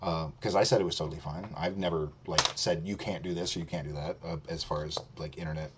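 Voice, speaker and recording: A man's voice: extremely low pitch, steady tone, fast talker, noisy background. A man hosting a stream, ranting in blunt, profane, mocking commentary. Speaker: streamer host.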